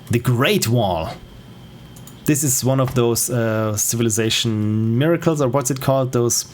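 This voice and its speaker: Thinking aloud while playing a strategy game on stream, a German-accented man offers casual commentary peppered with fillers and self-corrections. His voice is medium in pitch and a little mellow.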